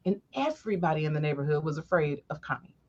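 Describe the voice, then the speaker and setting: A woman host telling family stories in a casual, profane, animated way, jumping up high when she acts out quotes. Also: fast, slightly rough, muffled recording. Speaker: podcast host. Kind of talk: casual storytelling chat.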